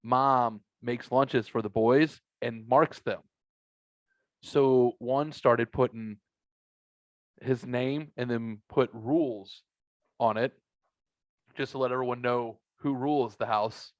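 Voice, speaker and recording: Swearing middle-aged podcast host. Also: male voice, slow pace, long pauses, no room sound. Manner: rambling storyteller, swears a lot, bursts into high excited quotes. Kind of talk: casual podcast chat. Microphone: headset.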